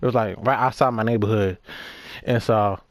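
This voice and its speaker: A man's voice: fairly low pitch, steady tone, normal speed, no room sound. Rambling, laughing young man. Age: about 19. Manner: rambling, laughing, profane, many fillers. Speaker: gaming vlogger. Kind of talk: casual movie recap while gaming.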